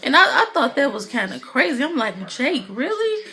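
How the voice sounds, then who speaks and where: A woman's voice: high voice, fairly quick. A woman casually recapping a TV episode in a vlog, rambling and chatty with lots of "you know" and "like". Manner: animated, acts out the characters' lines while retelling.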